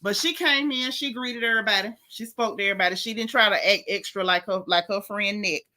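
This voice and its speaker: A woman hosting a casual reality TV recap, telling it in a sassy, animated way with lots of slang. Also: mid-range voice, fast. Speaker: host.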